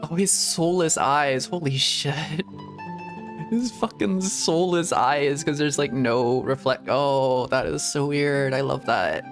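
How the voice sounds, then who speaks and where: A man's voice: mid-range voice, takes it slowly. A man streaming a game as a VTuber, chatting casually and playfully with frequent laughs and joking asides. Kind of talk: casual gaming commentary. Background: game music.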